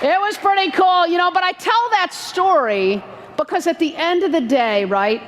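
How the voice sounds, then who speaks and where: A woman giving a motivational keynote talk, telling a story in a lively, conversational way and acting out the dialogue. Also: very high voice, moderate pace, some chatter behind. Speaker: keynote speaker. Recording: long hall reverb, faint noise.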